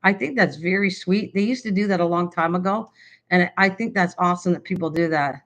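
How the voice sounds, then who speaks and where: A woman's voice: on the low side, a little fast, a bit bright. Older woman streamer, rambling homey chatter, talks to herself as she writes, fond of thanking her viewers. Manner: chatty, thinks aloud while writing, effusively thanks viewers. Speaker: livestream host. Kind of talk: casual live stream chat. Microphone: computer streaming setup.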